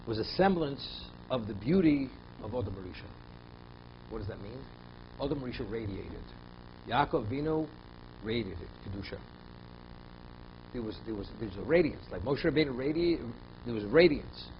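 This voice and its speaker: Emphatic rabbi teaching a Torah class. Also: male voice, medium pitch, expressive, moderate pace, pauses often, highs cut off, slight background noise. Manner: emphatic, rhetorical questions, repeats phrases while thinking.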